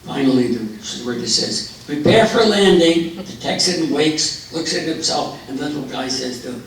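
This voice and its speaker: A man telling jokes to a live audience, unhurried, louder on the punchlines. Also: medium pitch, slight background noise. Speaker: joke teller. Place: forum hall. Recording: echoey hall, voice from far off.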